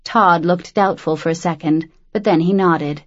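A woman narrating a novel as an audiobook, reading in a measured, steady way on a dull lo-fi recording. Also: fairly low pitch. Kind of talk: scripted narration.

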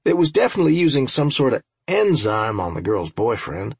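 A man's voice: mid-range voice, sing-song, brisk, creaky, breathy edge, no echo. A man narrating an audiobook in the first person, with a dry, wry, profane manner.

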